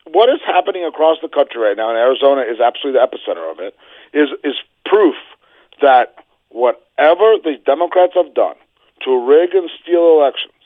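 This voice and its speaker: A man calling in as a guest on a talk radio show, forceful and indignant, hammering his points home. He is heard over a phone line. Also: on the high side, no echo. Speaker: political guest. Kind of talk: call-in radio commentary.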